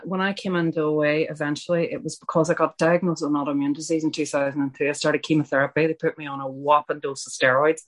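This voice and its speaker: A middle-aged woman from Ireland sharing her personal recovery story at a support meeting, candid and self-mocking, with chatty asides. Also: low voice.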